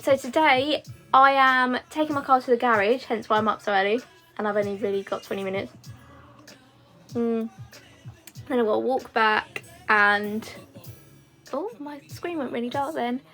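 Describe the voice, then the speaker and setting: Chatty young woman, higher voice. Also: normal speed, long pauses, bright, forceful tone, faint music behind. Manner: chatty, rambling, with frequent fillers. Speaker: beauty content creator. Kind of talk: casual livestream chat while doing makeup.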